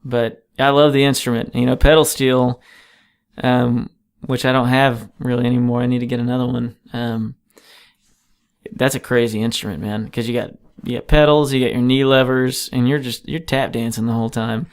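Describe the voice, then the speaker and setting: A man's voice: mid-range voice, little pitch movement, moderate pace, clean tone. A man, a touring guitarist, chatting casually as a podcast guest in a home basement, easygoing and rambling, full of "you know" and "man". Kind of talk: casual chat.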